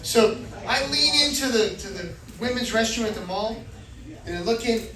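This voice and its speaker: A middle-aged man from Florida doing an animated stand-up set, acting out voices and shouting punchlines. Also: extremely high pitch, moderate pace. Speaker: stand-up comedian. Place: comedy club stage. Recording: echoey club recording from far off, crowd laughter. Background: audience laughter.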